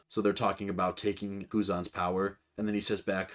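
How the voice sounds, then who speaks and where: A man's voice: deep voice, flat delivery, fairly quick, hardly any pauses, a bit bright. A man giving casual, speculative commentary in a rambling way. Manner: rambling, speculative, with fillers and restarts. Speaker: anime commentator.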